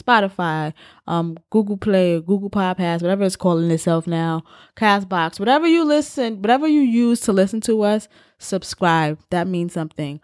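Brisk Bronx woman podcast co-host. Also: mid-range voice, no room sound, studio quality. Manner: brisk, playful, swears casually. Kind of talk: casual chat.

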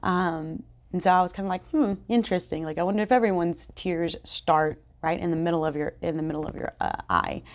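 A woman's voice: on the low side, steady tone, fairly quick. A woman hosting a podcast, sharing a candid, rambling personal reflection full of fillers and restarts, just after crying. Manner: candid, rambling, many fillers and self-corrections. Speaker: podcast host. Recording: dull lo-fi sound.

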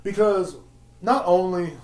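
In a high-pitched, darkish voice, a young man takes his time as he hosts a podcast. The echoey recording catches a casual solo rant told as a rambling, profane story, punctuated by laughter and acted-out lines.

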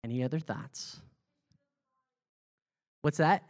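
A man with a fairly high voice leads a group Bible study, talking loosely with fillers and restarts. He keeps checking in with his listeners, asking questions and echoing what they say. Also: slow, darkish tone. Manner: conversational, asks the group questions and repeats their answers. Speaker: pastor leading a Bible study. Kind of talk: interactive sermon teaching.

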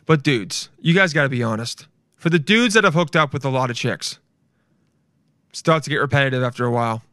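A man's voice: mid-range voice, fairly bright tone, no room sound, clean studio sound. Crude bro-talking male podcaster. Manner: crude, swearing, bro-talk. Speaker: podcast host. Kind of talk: casual solo podcast rant.

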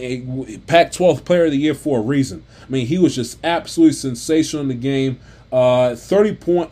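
A man's voice: a little high, dark tone. A man ranting off the cuff about a basketball game, exasperated and stumbling over restarts and repeats. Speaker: sports commentator. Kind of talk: unscripted basketball rant.

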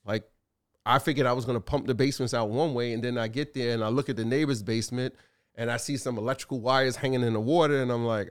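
A man co-hosting a casual talk show, telling animated stories with lots of fillers and acted-out quotes. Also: mid-range voice, fast, clean tone. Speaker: co-host, store owner. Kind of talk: casual chat.

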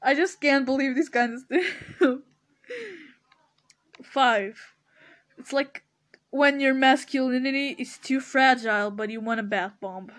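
A young woman hosting a casual podcast, reacting to products with animated commentary and frequent hard laughter. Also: high voice, measured pace, long pauses. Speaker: podcast host.

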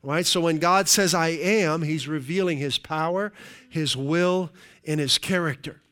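A man's voice: on the high side, a little slow, a bit bright. A middle-aged male pastor giving a conversational sermon, checking in with the congregation with frequent "right?"s.

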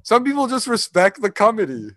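A man's voice: high-pitched, big pitch swings, brisk, no room sound, clean studio sound. A man co-hosting a casual comedy podcast, joking crudely with lots of filler words and laughter. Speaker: podcast co-host.

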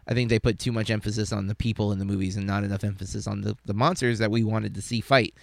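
A man's voice: fairly low pitch, fairly even intonation, quick pace, vocal fry, no echo. A man co-hosting a podcast, talking casually and hesitantly, with many fillers. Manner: rambling, hesitant, lots of fillers. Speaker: podcast co-host. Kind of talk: casual chat.

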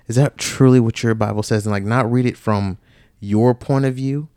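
A man's voice: mid-range voice, steady tone, moderate pace, dark tone, smooth, no room sound, studio quality. A man co-hosting a podcast, talking earnestly in a loose, casual way with many filler words. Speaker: podcast co-host. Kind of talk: casual faith discussion.

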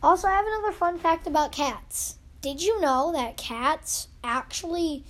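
A woman's voice: sits high, a bit bright. A young girl rambling playfully as the host of her own pretend podcast, acting out little scenes. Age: child. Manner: rambling, goofy, acts out scenes.

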